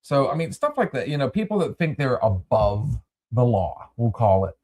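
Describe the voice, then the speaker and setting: A man's voice: medium pitch, sing-song, moderate pace, a little mellow. A man hosting a podcast, telling a story in casual chat with rambling restarts and free swearing. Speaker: podcast host.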